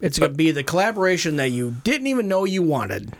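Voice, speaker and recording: A man co-hosts a sports talk show from a radio studio and tells rambling, jokey stories about the team. His voice sits fairly high for a man. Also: big pitch swings, fast, creaky. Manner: joking, rambling storyteller. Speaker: radio co-host. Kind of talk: casual sports radio banter.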